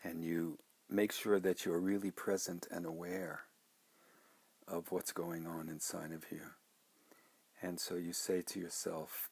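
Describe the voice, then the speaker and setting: A man guiding a meditation, speaking softly and slowly and often dropping into a hushed whisper. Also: sits low, flat delivery, vocal fry, breathy edge, no room sound. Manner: slow, soft-spoken, often drops to a hushed whisper. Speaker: meditation teacher. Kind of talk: guided meditation instruction.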